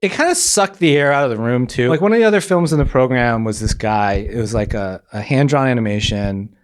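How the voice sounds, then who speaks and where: A man's voice: medium pitch, brisk, smooth. A man, an animator guest on a podcast, telling a story casually with lots of fillers and acted-out quotes. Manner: animated, acts out quotes, many filler likes.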